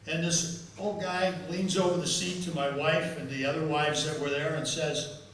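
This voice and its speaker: A man's voice: fairly high pitch, fairly even intonation, normal speed, a bit bright, slight background noise. An older man giving an after-dinner speech as a football official, telling self-amused stories and often repeating words. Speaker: guest speaker and football official. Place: large members' dining room. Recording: echoey hall, voice from far off.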